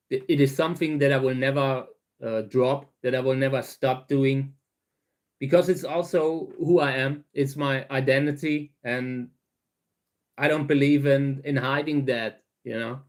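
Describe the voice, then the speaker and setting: A man's voice: medium pitch, fairly even intonation, a little slow. A middle-aged man from Germany's Saarland with a thick German accent, talking casually to his viewers with many fillers and restarts. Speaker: cactus grower and channel host. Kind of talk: casual talk to camera.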